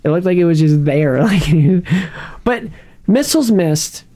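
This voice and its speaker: A man with a slightly higher voice for a man, chatting casually about a movie. He jokes and argues, rambling from point to point. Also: a little slow, warm tone. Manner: joking, argumentative, rambling. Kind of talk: casual movie commentary chat.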